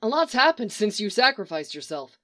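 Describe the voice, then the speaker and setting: A woman's voice: mid-range voice, very animated, normal speed, a bit bright. A woman reading aloud, voicing an earnest young man who speaks in a pleading way. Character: earnest young man, frantic for his wife.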